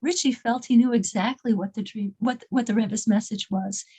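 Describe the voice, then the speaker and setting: High-voiced woman telling a story, halting. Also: steady tone, dark tone, breathy edge, poor audio. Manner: halting, repeats words and restarts often. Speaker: class leader telling a story. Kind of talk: casual storytelling to a small group.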